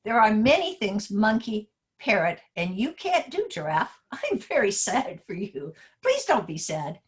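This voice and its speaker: A woman's voice: mid-range voice, sing-song, unhurried. A woman voicing a small, sad young male frog in a storybook read aloud to a class. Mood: plaintive.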